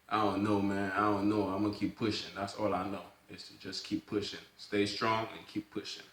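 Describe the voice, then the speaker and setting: Man, advocate delivering a fervent monologue, bright edgy tone, echoey room. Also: lowish voice, level tone, unhurried. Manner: fervent, repeats phrases, swings from loud to hushed. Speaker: sickle cell awareness advocate. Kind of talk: impassioned personal monologue.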